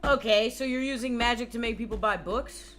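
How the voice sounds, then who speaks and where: A woman's voice: on the high side, brisk, music in the background. A woman game streamer rambling casually while she plays, chatty and swearing freely. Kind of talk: casual gaming commentary.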